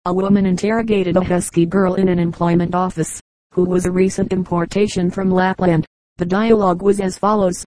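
A woman reading aloud a book of short jokes as an audiobook narrator, in a steady, even way. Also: fairly low pitch, fairly quick, no echo, rough recording. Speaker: audiobook reader. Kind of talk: scripted narration of a joke book.

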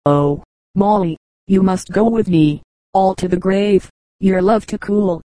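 A woman voicing the solemn, commanding ghost of a dead bridegroom in a storybook reading, speaking slowly. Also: mid-range voice, mellow, no room sound, natural voice.

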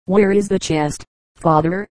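A woman's voice: on the low side, steady tone, unhurried, darkish tone, no echo, natural voice. A woman reading the part of an eager, confident eldest boy in a storybook.

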